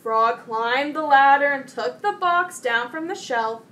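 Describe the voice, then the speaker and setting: A young woman talks to children in a slow, clear way while she reads a story and explains a craft. Her voice is high and bright. The mic is set far away and picks up a faint hiss. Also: animated. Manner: slow, clear, kid-directed. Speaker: children's program presenter. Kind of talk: storybook reading and craft instructions. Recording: distant mic with faint noise.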